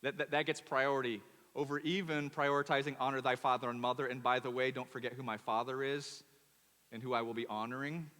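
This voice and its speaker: A male pastor preaching a sermon in a church, animated and emphatic, often repeating words. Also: mid-range voice, a little fast. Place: church auditorium. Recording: long church hall reverb.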